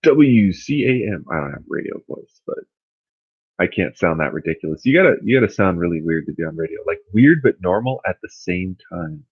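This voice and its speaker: Man, very low voice, rambling livestream chat, thinks out loud, dull recording. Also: animated, fast talker, hardly any pauses, breathy edge, no echo. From California. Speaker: livestream host answering chat.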